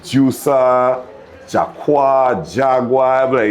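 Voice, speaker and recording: A man's voice: medium pitch, moderate pace. A man with a Virgin Islands accent, a DJ telling stories in a casual interview in a laid-back way. He often checks in with his listener and laughs as he talks. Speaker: DJ and music producer.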